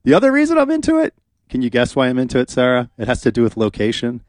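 A man's voice: mid-range voice, wildly swooping pitch, quick pace, a little mellow, no echo. A man hosting a radio talk show, chatting casually and rambling with fillers in a studio.

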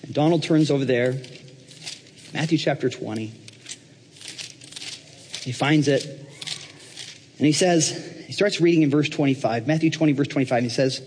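A man's voice: medium pitch, moderate pace, long pauses, darkish tone, slightly rough. A man preaching a humorous sermon in a church, talking conversationally and checking in with the congregation. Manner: joking, conversational, checks in with the audience. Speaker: pastor. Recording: reverberant church hall.

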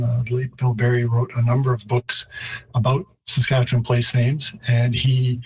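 A man, a linguistics professor, answering radio interview questions in a thoughtful, halting way with many restarts. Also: medium pitch, darkish tone, breathy edge, lo-fi sound.

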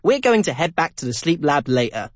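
A man's voice: fairly high pitch, very animated, brisk, faint music behind. A man narrating a documentary in a scripted, personal way. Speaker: documentary presenter.

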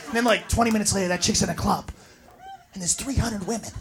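A woman doing a stand-up comedy routine, loud and profane, acting out shrieking party girls. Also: medium pitch, quick pace.

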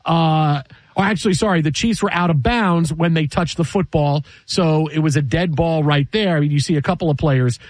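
A man hosting a sports talk radio show, chatting fast and animated about a live football game. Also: a little high, no room sound. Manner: animated, jokey, quick restarts.

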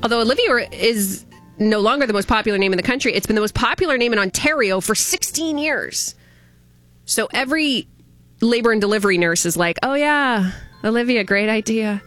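A woman's voice: on the high side, expressive, a little fast, a bit bright, dry recording, faint music behind. Jokey woman radio host. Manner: jokey, laughs at her own jokes. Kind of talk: chatty radio news segment. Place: radio studio.

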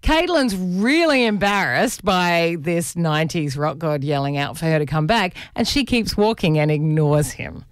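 A woman, co-hosting a radio show and telling an excited story in casual chat. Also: low voice, normal speed, hardly any pauses, smooth, no echo. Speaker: radio co-host.

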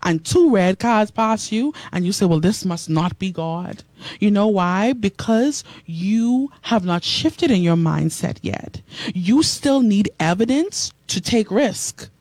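A woman preacher delivers a sermon to her listeners, repeating her phrases and reading out comments as they come in. Her voice leaps high on exclamations, then drops to quiet asides. The sound is close and dry, with no room around it. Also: lively intonation, slow pace, no echo. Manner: swings from hushed asides to soaring exclamations. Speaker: preacher and radio host. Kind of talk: preaching to a live stream and radio audience.

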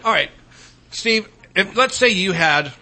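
A man hosting a casual talk show, animated and joking, trailing off into fillers as he talks. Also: high voice, measured pace, a little hiss or hum. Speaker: host.

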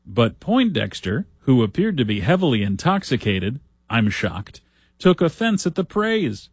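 A husky-voiced man hosts a talk show, delivering casual news commentary. He reads headlines aloud and breaks in with wry, sarcastic asides. The sound is dry and close, with no room around it. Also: medium pitch, sing-song, a little slow, no echo.

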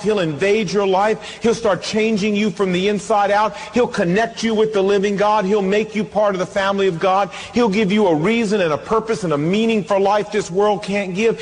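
A man preaching a sermon, telling a story and acting out both sides of the dialogue in an animated way. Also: high-pitched, big-room sound. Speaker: pastor.

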